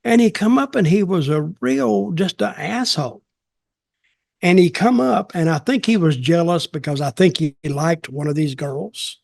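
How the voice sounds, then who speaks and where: Gravelly older man spinning a blunt story. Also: sits high, lively intonation, normal speed, darkish tone, no room sound, clean studio sound. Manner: rambling, blunt, profane, with restarts. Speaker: podcast host telling a wrestling story. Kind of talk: casual storytelling.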